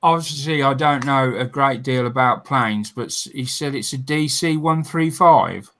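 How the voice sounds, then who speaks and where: A man joining a live stream as a guest hobby builder, speaking casually and hesitantly with many pauses and fillers. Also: mid-range voice, fairly bright tone. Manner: hesitant, halting, full of fillers. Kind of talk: casual chat.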